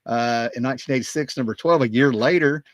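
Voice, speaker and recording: A man hosting his own video, talking casually and excitedly, wandering off on tangents with plenty of fillers. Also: mid-range voice, fast, no echo. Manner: excited, digressive, many fillers. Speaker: comic book collector and video host. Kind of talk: casual rambling talk.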